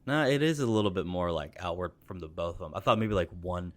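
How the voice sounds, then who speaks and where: A man co-hosting a podcast, chatting loosely about a film with halting phrasing. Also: deep voice, expressive. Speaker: podcast co-host. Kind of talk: casual film chat.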